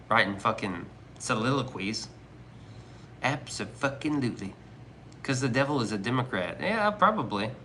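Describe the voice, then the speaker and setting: A livestreamer with a lowish, slightly bright voice reads chat and talks casually with his viewers, with slight background noise in the recording. His banter is joking, profane, and rambling.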